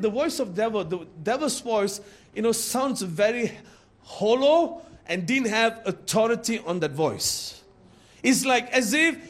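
A man preaching a sermon to his church, swinging from loud shouts to quiet asides, with many fillers and restarts. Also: extremely high pitch. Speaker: pastor.

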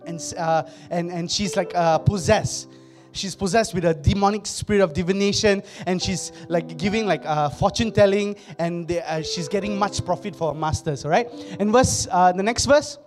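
Man, pastor, high-pitched, casual sermon, quiet music behind. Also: moderate pace. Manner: conversational, laughs often, acts out quotes. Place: church.

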